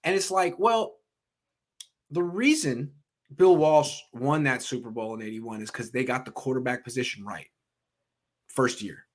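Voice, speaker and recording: A man co-hosting a sports talk show, ranting in an emphatic, heated way and swearing as he gets excited. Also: unhurried, pauses often. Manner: ranting, emphatic, swears, pitch jumps when worked up. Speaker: podcast co-host.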